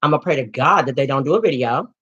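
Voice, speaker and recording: A woman in her late twenties trades celebrity gossip in a low, throaty register. She is sassy and animated, peppering every line with "girl" and "honey." The recording sounds dull and lo-fi. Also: fast talker, husky. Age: late 20s. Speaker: co-host. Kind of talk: casual gossip chat.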